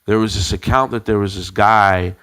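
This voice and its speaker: A man's voice: on the low side, steady tone, moderate pace, a bit bright, clear, resonant tone. A man co-hosting a podcast, telling a story casually with many fillers and restarts. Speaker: podcast co-host.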